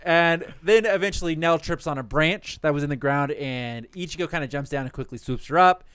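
A man's voice: a little high, brisk, fairly bright tone, clear, resonant tone, no echo. A man animatedly recapping a cartoon plot for friends in casual, profane storytelling, laughing often.

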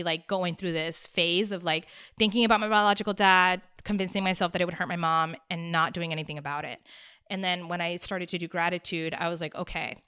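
A young woman guest telling a personal story in a chatty, casual way, full of "like" and quick laughs. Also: lowish voice, bright, forceful tone, smooth. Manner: chatty, peppered with "like", laughs often.

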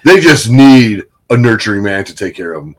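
A man in casual chat, telling profane, animated stories with lots of swearing. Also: lowish voice, brisk.

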